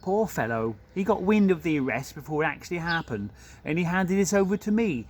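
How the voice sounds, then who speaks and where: A man's voice: fairly high pitch, big pitch swings, brisk. A man doing a throaty whispering beaver. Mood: earnest. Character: wary whispering male beaver, secretive.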